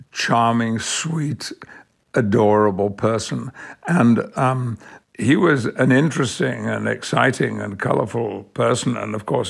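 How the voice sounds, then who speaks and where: Gravelly older Englishman telling stories. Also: mid-range voice. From Yorkshire, England. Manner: measured, reflective anecdotes with frequent chuckles. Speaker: actor, interview guest. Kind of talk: interview storytelling.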